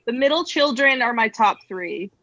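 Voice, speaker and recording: A woman's voice: a little high, animated, normal speed, bright, forceful tone, highs cut off. A woman in her twenties, a podcast guest, chatty and self-deprecating, filling her talk with "like". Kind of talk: casual podcast chat.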